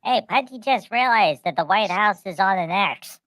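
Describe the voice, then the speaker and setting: A woman's voice: mid-range voice, expressive, normal speed, fairly bright tone, dry recording, rough recording. A woman telling long comic stories in casual chat, repeating words, restarting, and acting out the people in them. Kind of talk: rambling comic storytelling.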